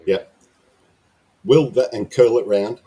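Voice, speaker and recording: A man's voice: lowish voice, slow, dark tone, husky. A man chatting casually, rambling and often restarting his sentences. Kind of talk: casual chat.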